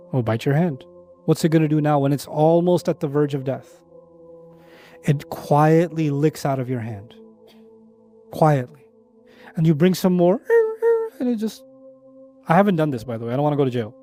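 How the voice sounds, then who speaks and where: A man with a bright, high-pitched voice lectures on faith in a lively, conversational way, trading rapid Arabic recitation for plain-spoken stories and asides. Soft music plays faintly underneath. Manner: animated, conversational, with asides and analogies. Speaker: Islamic lecturer. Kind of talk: religious lecture.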